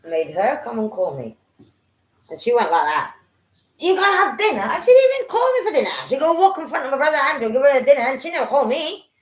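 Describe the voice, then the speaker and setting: A woman telling a story in casual chat, animated and profane, acting out what people said. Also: high-pitched, quick pace. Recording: echoey room.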